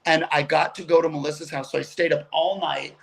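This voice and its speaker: Over a video call, this middle-aged comedian guest spins casual stories with energy, chatting away and tossing in fast asides. He speaks at a fairly high pitch with a creaky quality.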